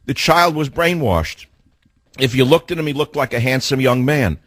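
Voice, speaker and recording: A man's voice: mid-range voice, animated, moderate pace, a bit bright, no room sound. A man hosting a call-in talk radio show, lecturing his callers in a combative way.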